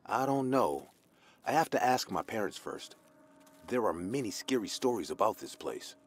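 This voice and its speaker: A man voicing a cautious young village boy in an animated horror story, with a husky tone. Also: deep voice, normal speed, slight background noise. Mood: worried.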